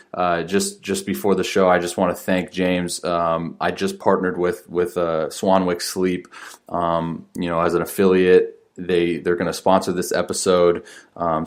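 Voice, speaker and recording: A man hosting a podcast in casual chat, upbeat and full of fillers like "um" and "like". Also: sits low. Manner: filler-heavy, with many likes and ums. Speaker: podcast host.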